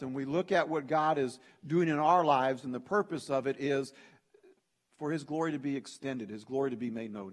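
A man preaching a sermon as pastor, with a voice pitched fairly high for a man. He talks in an emphatic, conversational way and addresses the congregation directly. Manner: conversational preaching, emphatic, frequent "hey" and "you know".

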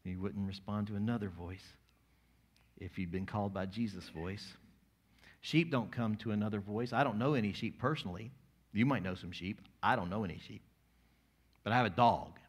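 A male pastor preaching a sermon, moving between quiet, intimate lines and loud, emphatic passages. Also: fairly low pitch, normal speed, slightly rough.

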